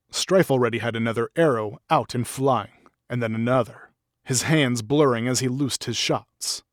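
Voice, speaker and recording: A man's voice: mid-range voice, dry recording. Man reading a fantasy story, dry. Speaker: audiobook narrator.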